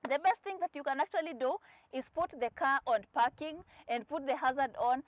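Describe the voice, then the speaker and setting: Animated young Kenyan woman vlogger. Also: sits high, fairly quick, no room sound, dull audio. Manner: animated, mixes English with Swahili, acts out voices in her stories. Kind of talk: casual storytelling to camera.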